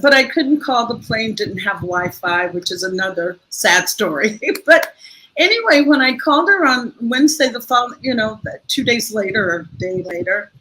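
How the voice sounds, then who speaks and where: An older woman speaking as a guest in a conversational interview, telling a heartfelt story in a lively, expressive way. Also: a little high, normal speed, rough recording.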